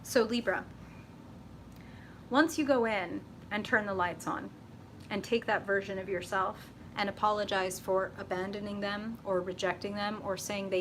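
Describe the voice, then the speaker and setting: A woman giving a live tarot reading, blunt and profane, talking casually and getting animated as she goes. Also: mid-range voice, background noise. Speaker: tarot reader.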